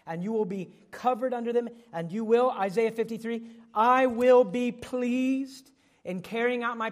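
A middle-aged man with a high voice preaches a sermon. He speaks earnestly, acting out the voices he quotes and dropping to a whisper now and then. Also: a little mellow. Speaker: pastor.

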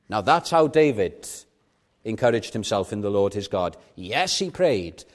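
Young preacher with lively, emphatic delivery. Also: male voice, fairly low pitch, takes it slowly. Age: young adult. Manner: earnest, emphatic, swinging between loud stresses and soft drops. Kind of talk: sermon.

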